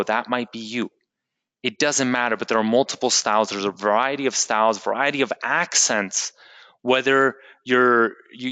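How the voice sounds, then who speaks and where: A man's voice: medium pitch, pushed and bright, clean tone, no echo. A man presenting a live sales webinar, enthusiastic and salesy, talking straight to his audience.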